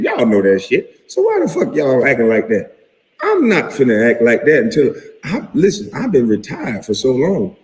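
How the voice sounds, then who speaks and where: A retired athlete in his forties rants to camera, cursing freely and talking in a heated, animated way. His voice sits a little high for a man and swoops widely in pitch. The recording is roomy, with a long reverb tail. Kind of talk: casual rant to camera. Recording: echoey room with long reverb.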